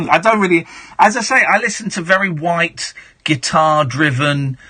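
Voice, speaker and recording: A man's voice: on the high side, steady tone, moderate pace, pushed and bright. A man in his forties with an English accent, hosting a late-night radio phone-in, chatty and frank, often restarting his sentences. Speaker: radio host. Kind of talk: late-night call-in chat. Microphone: studio mic.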